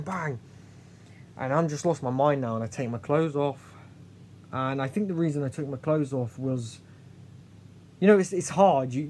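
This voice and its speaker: A man's voice: medium pitch, a little mellow, slight background noise. A man vlogging a candid personal story, earnest and confessional, often restarting and trailing off. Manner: halting, with many restarts and trailing pauses.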